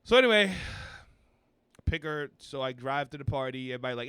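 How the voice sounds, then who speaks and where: Animated storytelling man in his thirties. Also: moderate pace, clean tone, dry recording. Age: 30s. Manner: animated, swearing, acts out quotes in a high voice. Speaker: podcast guest, comedian. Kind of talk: casual storytelling chat.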